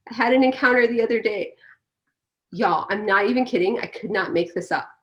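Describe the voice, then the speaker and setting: A woman's voice: medium pitch, brisk, highs cut off. A woman guest in a casual interview, speaking candidly and telling stories with animation.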